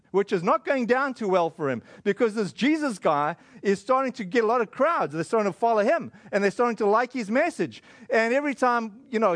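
A man, giving a casual, conversational sermon that retells a scripture story, with fillers and quick acted asides. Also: sits high, no room sound. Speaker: preacher.

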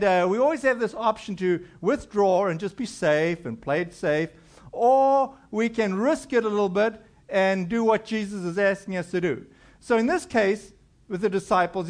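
A middle-aged male pastor preaching a conversational sermon, acting out quoted voices as he goes. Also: sits high.

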